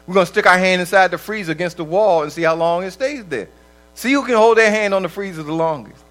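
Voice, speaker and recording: High-voiced man preaching a lively sermon. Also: fast, rough recording. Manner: conversational, acts out quoted voices, laughs often.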